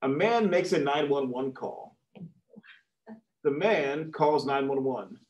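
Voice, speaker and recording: A man's voice: medium pitch, slow pace, highs cut off. A man telling jokes casually to program participants, laughing at his own punchlines. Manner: chuckles at his own jokes, lively delivery. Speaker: joke reader for program participants. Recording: echoey room.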